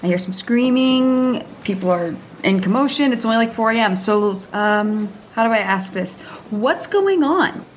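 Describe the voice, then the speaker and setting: A woman's voice: a little high, expressive, a little slow, a little hiss or hum. A woman voicing a female adventurer who asks questions hesitantly. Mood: questioning.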